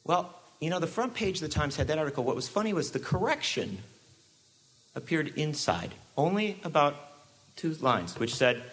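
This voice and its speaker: Guy giving a talk, sarcastic and animated, bright tense voice, pitch all over. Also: moderate pace, husky. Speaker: speaker. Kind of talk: public talk to an audience.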